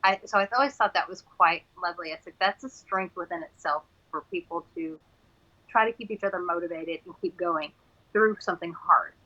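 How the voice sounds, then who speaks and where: A woman's voice: on the low side, a little fast, sharp tone, lo-fi sound. A woman from Texas with a Texan accent, hosting a casual chat, rambling and laughing often. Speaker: host.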